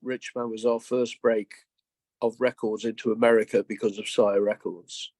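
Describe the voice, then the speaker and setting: A man's voice: on the low side, level tone, moderate pace, a little mellow, no room sound. A man in his seventies, a guest musician telling rambling anecdotes in a casual interview, often restarting his sentences. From England. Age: 70s.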